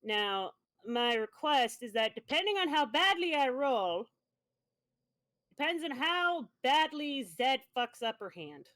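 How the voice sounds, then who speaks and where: Animated woman playing a tabletop game. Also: high voice, slow pace. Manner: animated, laughing, describing her character's actions. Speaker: player. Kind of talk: tabletop game play on a live stream.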